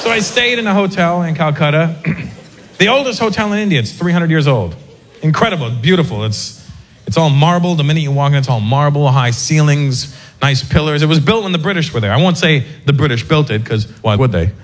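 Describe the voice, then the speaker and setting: A man doing a stand-up comedy set, telling a story with lively put-on voices. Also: a little high, fairly quick. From North America.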